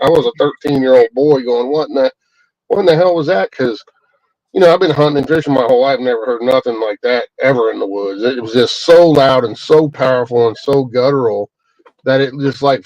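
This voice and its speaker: A man's voice: medium pitch, darkish tone, no room sound, low-quality recording. Folksy man telling a story, dry sound. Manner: rambling, folksy, many restarts and fillers. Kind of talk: casual first-person storytelling.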